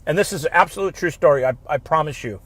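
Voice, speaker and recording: A man telling a story in an animated way, acting out both sides of a phone conversation. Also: a little high, quick pace, no room sound. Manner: acts out both sides of the dialogue, with small restarts. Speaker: guest telling a negotiation story.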